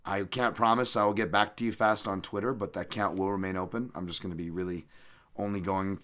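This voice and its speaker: A man hosting his own podcast with a somewhat low voice. He rambles casually, swears freely and pokes fun at himself. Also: fairly even intonation, quick pace, fairly bright tone. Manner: rambling, profane, self-deprecating. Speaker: podcast host.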